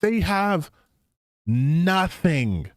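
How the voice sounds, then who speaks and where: A man's voice: sits high, very animated, very slow, dry recording, studio quality. A young man, streaming and mocking online posts in profane, casual commentary.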